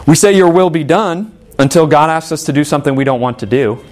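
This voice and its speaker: A man's voice: on the high side, fairly quick, darkish tone. A man, the pastor, preaching an earnest sermon with emphatic repetition.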